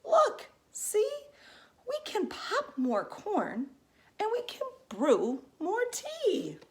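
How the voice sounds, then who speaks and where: Brief: little kindly mouse, squeaky and comforting, high-pitched, put on by a woman reading. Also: wildly swooping pitch, drawn-out words, darkish tone, full character voice. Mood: soothing. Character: small kind fussing mouse.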